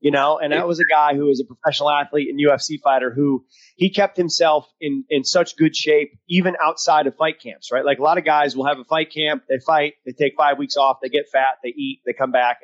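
A man hosting a live podcast in a casual, energetic chat. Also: on the high side, fairly quick, dull audio. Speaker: podcast host.

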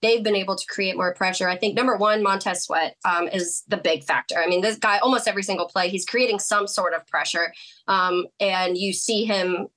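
A woman talking football as a podcast guest in casual chat, chatty and quick, laughing now and then. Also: medium pitch, steady tone, a bit bright. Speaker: guest sports analyst.

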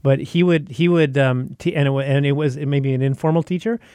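A man's voice: mid-range voice, steady tone, quick pace, a little mellow, smooth, dry recording. A man co-hosting a podcast, joking casually and restarting his sentences. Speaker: podcast co-host. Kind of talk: casual interview chat.

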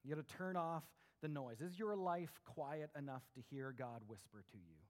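A man's voice: fairly high pitch, animated, moderate pace. A middle-aged man preaching a sermon in a conversational way, often checking in with "right?" and acting out voices. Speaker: pastor.

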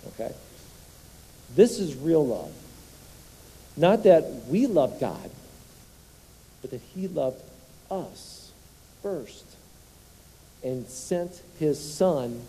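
A man's voice: medium pitch, lively intonation, measured pace, long pauses, mellow, a little hiss or hum. A man preaching a sermon as a pastor, leading his congregation in call-and-response and firing rhetorical questions at them. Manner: asks rhetorical questions to the crowd. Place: church sanctuary. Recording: long hall reverb.

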